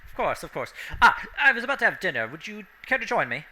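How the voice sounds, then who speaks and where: Snooty noble lord, condescending, lively lilt, bright voice, a man doing it, faint hiss. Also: sits high, fast talker, voice pushed up, heavily acted, low-quality recording. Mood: pompous. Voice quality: haughty, condescending, politely stiff. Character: pompous new male noble lord, a necromancer.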